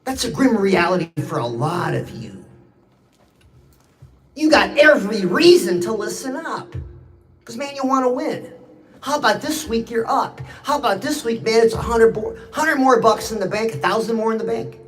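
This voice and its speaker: A woman's voice: on the high side, lively intonation, moderate pace, roomy sound, soft background music, rough recording. A woman hosting a live stream, giving a brash, teasing motivational talk straight to her viewers and calling them out.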